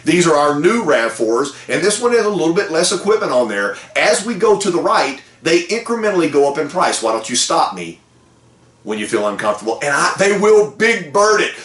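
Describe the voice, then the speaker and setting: A man hosting a car sales meeting, giving an energetic, folksy motivational pep talk. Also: a little high, a little fast, reverberant. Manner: energetic, folksy, lively with whoops.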